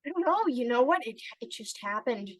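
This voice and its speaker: A woman's voice: fairly high pitch, sing-song, fairly quick, a bit bright, dry recording. A woman from Long Island hosting a podcast, chatting in a giggly, friendly way and laughing often. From Long Island, United States. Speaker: podcast host. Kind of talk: casual chat.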